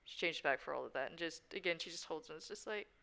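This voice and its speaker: A woman's voice: low voice, fast, gravelly, sharp tone. A woman narrating her character's actions in a casual roleplay, rambling and giggly. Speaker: roleplay player. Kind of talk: casual collaborative storytelling.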